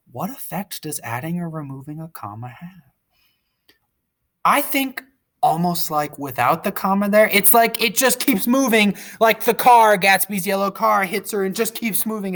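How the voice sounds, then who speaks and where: Male English teacher lecturing on a manuscript, eager and exclamatory, medium pitch. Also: fairly bright tone. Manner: enthusiastic, exclaims over details; explains and asks the class questions. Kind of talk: literature lecture walking through manuscript pages.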